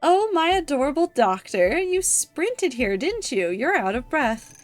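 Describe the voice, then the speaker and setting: A woman's voice: high voice, big pitch swings, unhurried, soft background music, pitched above the performer's own voice. A woman voicing a doting, theatrical female AI machine that speaks in fawning, flowery praise.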